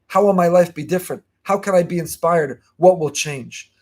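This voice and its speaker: A man giving a fast, emphatic Torah lesson as a rabbi, repeating key phrases. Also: high-pitched, darkish tone. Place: online class.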